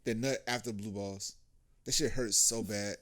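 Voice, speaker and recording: A man's voice: lowish voice, steady tone, moderate pace, a bit bright. A man in his thirties co-hosting a casual podcast chat, loose and profane, laughing often. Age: 30s. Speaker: podcast co-host.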